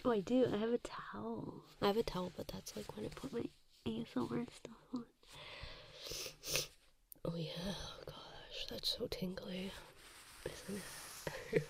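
A woman's voice: mid-range voice, steady tone, measured pace, vocal fry, pauses often, background noise. A young woman with a runny nose, sick, whispering ASMR in a giggly, rambling way. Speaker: ASMR creator.

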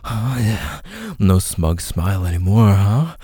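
A man performing an intimate adult audio role-play in a dominant, teasing manner, with heavy breathy moans between his phrases, recorded close to the microphone. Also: sits low, slow pace, dark tone, dry recording.

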